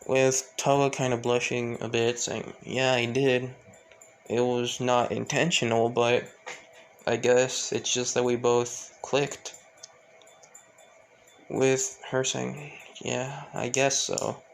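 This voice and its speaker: A man's voice: medium pitch, little pitch movement, slow pace, vocal fry, a little hiss or hum. A man telling an improvised fan story, rambling and correcting himself as he loosely voices each character's lines.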